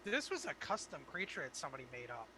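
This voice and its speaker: A man at a tabletop game with a very sharp, bright voice, pitched a little high. He talks loosely and swears freely. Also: wildly swooping pitch, quick pace, a little hiss or hum, rough recording. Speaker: player. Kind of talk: casual tabletop play.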